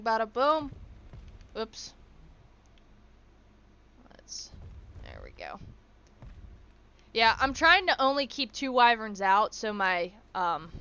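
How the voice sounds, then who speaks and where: Bright, smooth-voiced woman streamer. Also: on the high side, dull audio. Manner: chatty, swears casually, talks to her in-game animals. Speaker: game streamer. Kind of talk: casual gameplay commentary.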